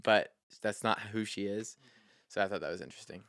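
A man's voice: fairly low pitch, a little fast, fairly bright tone, no room sound, studio quality. A man guesting on a movie podcast, speaking in a hesitant, thoughtful way. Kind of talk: casual film-review chat.

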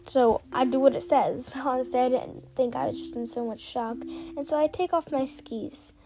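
A woman hosting a podcast, telling a personal story in a casual, rambling way with lots of "like" fillers, soft-spoken and sometimes slipping into a whisper. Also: high voice, fairly even intonation, moderate pace. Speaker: podcast host.

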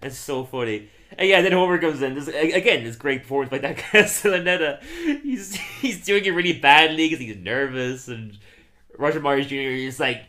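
A man co-hosting a casual chat, animated and laughing often as he acts out quotes. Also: medium pitch, brisk. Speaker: podcast co-host.

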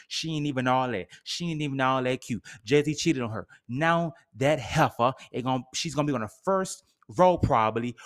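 A podcast host delivers a dramatic solo rant at an unhurried pace. He drags out his complaints, piles on sarcastic jabs and sounds exasperated. His pitch sits in a middle range for a man. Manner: theatrical, exasperated ranting with sarcastic asides.

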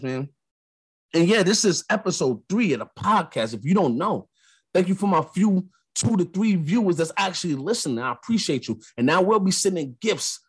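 Young new york guy podcasting, kinda husky voice, pitched up high, acts out everybody in his stories. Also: normal speed. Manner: animated storyteller, acts out quotes. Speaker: podcast host. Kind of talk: casual monologue.

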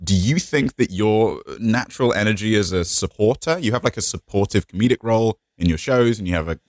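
A man's voice: on the low side, fairly quick, no room sound, clean studio sound. A young man from England with an English accent, co-hosting a casual podcast chat, playful and teasing, laughing often. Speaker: podcast co-host.

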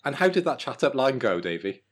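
A man's voice: medium pitch, sing-song, fairly quick. A young man co-hosting a podcast, teasing his friend in a dry, ribbing manner. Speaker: podcast co-host. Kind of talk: casual chat.

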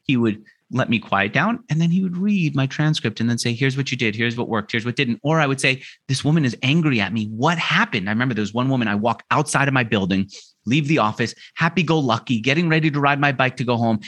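A man's voice: medium pitch, brisk. A man who is a podcast guest, telling stories in a conversational way and acting out the dialogue he quotes. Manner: animated, acts out quoted dialogue. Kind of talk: conversational storytelling.

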